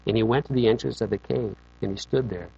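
A man's voice: lowish voice, fast, creaky, warm tone. A man preaching a sermon as pastor, in a conversational, joking way, often checking in with "okay?". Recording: dull lo-fi recording.

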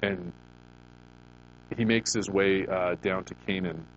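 Male pastor, lowish voice, relaxed story-driven sermon with faint hum. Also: slow pace, highs cut off. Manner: conversational storytelling with many restarts.

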